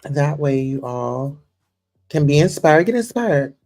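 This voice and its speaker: A woman's voice: deep voice, expressive, slow, mellow. A young woman hosting a casual livestream chat, effusive and gushing, full of "you know" and "listen here.". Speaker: host.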